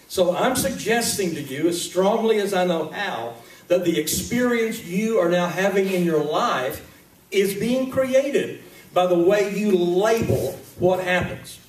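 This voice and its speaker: A man preaching a sermon to his congregation in a conversational, emphatic way, with pauses for effect. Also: sits high, a little mellow, slight background noise. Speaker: pastor. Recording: echoey hall recording from far off.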